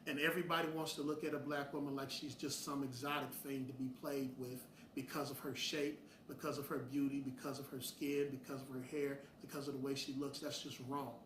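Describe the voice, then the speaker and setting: A man's voice: mid-range voice, flat delivery, brisk, hardly any pauses, fairly bright tone, slight background noise. A middle-aged man, hosting and speaking bluntly and preachily to the audience, with heated bursts. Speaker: host. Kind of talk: opinionated direct-to-camera talk. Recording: roomy sound from a distance.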